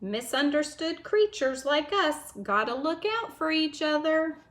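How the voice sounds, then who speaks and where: Storybook skunk, female, woman reader doing the voice, high-ish and slow, eager hostess energy. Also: exaggerated voice. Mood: friendly. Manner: eager, warm hostess, excitable. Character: friendly chatty female skunk. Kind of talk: children's book read-aloud.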